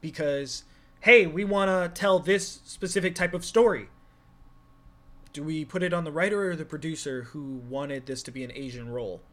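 A man's voice: a little high, moderate pace, fairly bright tone. A man co-hosting a podcast, talking casually in a rambling, profane way as he thinks aloud. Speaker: podcast co-host.

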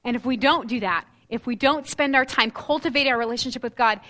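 A woman delivers a sermon with a high, bright voice. She preaches earnestly and expressively, reading scripture aloud and rising on the points she wants to stress. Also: fast. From United States.

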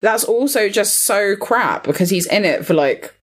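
A woman talks through a film with her co-host in a loose, chatty podcast conversation. She is blunt and argumentative, and she swears and laughs freely as she makes her case. Her voice sits at an ordinary middle pitch for a woman. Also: lively intonation, normal speed, slightly rough. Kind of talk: casual film review chat.

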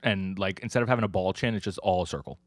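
A man's voice: low voice, fast talker, dry recording. A man co-hosting a podcast, casually recapping a manga story in a rambling way with lots of fillers. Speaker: podcast co-host.

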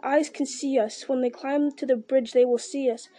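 A woman's voice: sits high, steady tone, moderate pace, warm tone. A woman voicing a frightened, frantic male creature who hisses his words in urgent whispers in a storybook reading.

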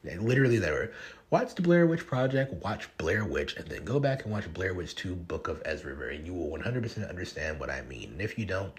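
A man's voice: low voice, a little fast. A man hosting a podcast as a horror writer, talking in a rambling, profane, offhand way. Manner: profane, rambling, animated asides. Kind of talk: casual podcast monologue.

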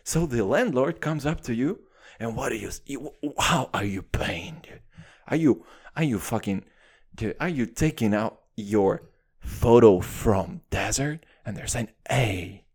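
Man, podcast host, profane comic rant, lively pitch swings. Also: unhurried, slightly rough. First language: Russian. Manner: profane, animated ranting with constant "dude".

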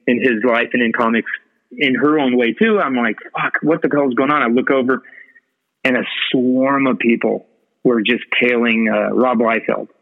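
A man telling a story as a podcast guest, rambling with lots of fillers and swearing freely. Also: mid-range voice. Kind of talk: casual storytelling. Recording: tinny phone-line audio.

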